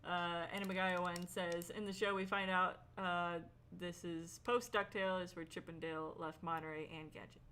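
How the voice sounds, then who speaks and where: A woman's voice: on the low side, little pitch movement, moderate pace, few pauses, pushed and bright, smooth. A woman in casual podcast chat, giggly, reading aloud with filler words. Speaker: podcast co-host.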